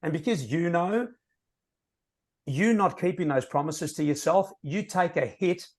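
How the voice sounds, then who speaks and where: A man's voice: fairly high pitch, unhurried. A man talking passionately and emphatically on a team training call, sharing prospecting tips.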